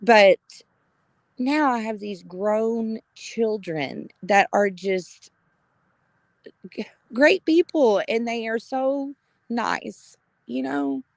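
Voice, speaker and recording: A middle-aged woman, chatting casually on a live stream, greeting viewers by name with gushing warmth and frequent laughter. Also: on the high side, very slow, gravelly, dry recording.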